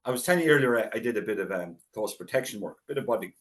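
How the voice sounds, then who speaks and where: A middle-aged Irish man, a local historian, telling anecdotes in a relaxed interview and acting out the voices of people he quotes. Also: on the low side, rapid-fire. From Ireland. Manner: chatty anecdotal storyteller, acts out quoted voices. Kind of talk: casual storytelling interview.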